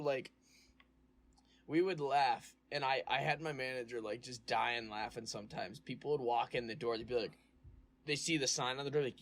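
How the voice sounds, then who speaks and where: A man's voice: medium pitch, brisk. A young man co-hosting a podcast, telling stories in casual chat, acting out quoted lines and swearing freely. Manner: animated storyteller, acts out quotes, swears freely. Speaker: podcast co-host.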